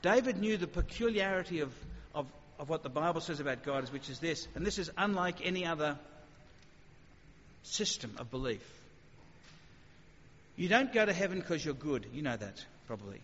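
A man giving an animated, conversational talk on faith to an audience, with lively acted asides before taking questions. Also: fairly high pitch, normal speed. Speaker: speaker. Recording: muffled hall recording with faint noise.

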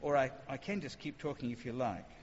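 A man giving an animated, conversational talk on faith to an audience, with lively acted asides before taking questions. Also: mid-range voice, fairly quick. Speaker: speaker. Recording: muffled hall recording with faint noise.

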